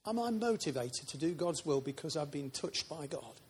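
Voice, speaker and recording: Man, preacher, church sermon, informal asides, husky voice. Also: fairly high pitch, expressive, normal speed, a little mellow. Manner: chatty, informal, asides to congregation.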